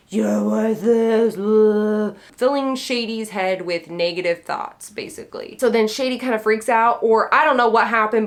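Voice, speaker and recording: Woman book vlogger, chatty and playful, rambles with ums and excited asides. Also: on the high side. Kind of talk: casual chat to camera.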